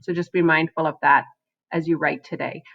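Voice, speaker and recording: A woman with a fairly low voice teaches a writing lesson to her students. She speaks in an encouraging way, often adding "um" and asking "right?" to check in. The recording sounds dull and lo-fi. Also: fairly even intonation, a little fast, vocal fry, a bit bright. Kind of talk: recorded online class lesson.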